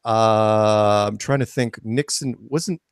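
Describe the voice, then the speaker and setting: A man's voice: on the low side, slow, vocal fry, clean tone, no echo, studio quality. A man being interviewed as a guest, talking enthusiastically in an impassioned rant, repeating and restarting phrases. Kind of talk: podcast interview.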